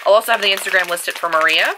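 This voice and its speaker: A young woman chatting casually in a book vlog from her bedroom, gushing and animated with quick asides. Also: mid-range voice, noisy background. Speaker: book vlogger. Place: bedroom at home.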